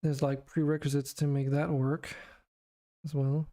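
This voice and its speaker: Tired guy dev streaming, monotone mumbling to himself, mellow voice. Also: on the high side, measured pace. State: exhausted. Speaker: game developer streamer. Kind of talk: thinking aloud while coding.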